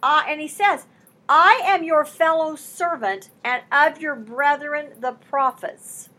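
A woman's voice: high voice, pushed and bright, husky. A woman teaching a sermon on scripture, impassioned and emphatic, mixing conversational asides with rising bursts. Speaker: Bible teacher.

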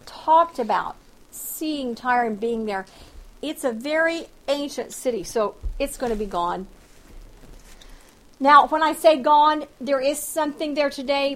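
A woman's voice: sits high, poor audio. A woman teaching the Bible verse by verse, reading passages with dramatic emphasis and explaining them in a conversational way with sarcastic asides. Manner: reads scripture aloud with dramatic emphasis, then explains it plainly.

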